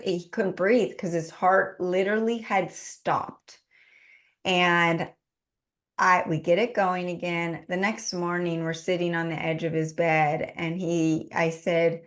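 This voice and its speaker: A woman's voice: lowish voice, slow. A woman in her forties, a podcast guest, telling a personal story in an earnest, heartfelt way. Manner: earnest, heartfelt, lists things in a steady run. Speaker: podcast guest, business owner.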